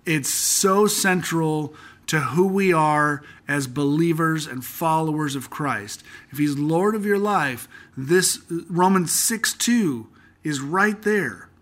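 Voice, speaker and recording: A young man with a bright, forceful voice set a little high, hosting a casual Bible-study podcast. He talks earnestly and conversationally, then slows down to read scripture aloud. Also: animated. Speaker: podcast host teaching through a Bible book.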